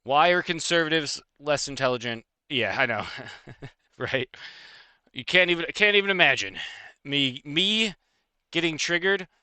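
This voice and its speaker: A man streaming live, ranting casually and fast with lots of swearing and laughter. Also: on the high side, animated, sharp tone, smooth, no echo. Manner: fast, profane, heated and laughing.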